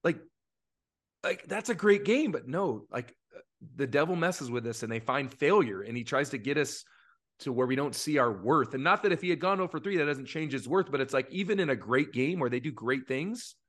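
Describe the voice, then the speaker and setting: A man's voice: medium pitch, lively intonation, fairly quick, fairly bright tone. Earnest, emotional man coach talking. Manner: earnest and openly emotional, many fillers. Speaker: youth baseball coach. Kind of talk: casual podcast chat.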